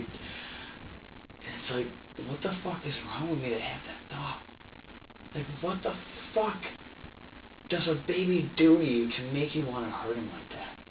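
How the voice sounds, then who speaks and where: Halting man in an echoey interrogation room. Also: mid-range voice, background noise. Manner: halting, repeats himself, swears. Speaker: suspect under police questioning. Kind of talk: recounting events in an interrogation. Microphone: distant room camera mic. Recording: dull, echoey room audio from far off.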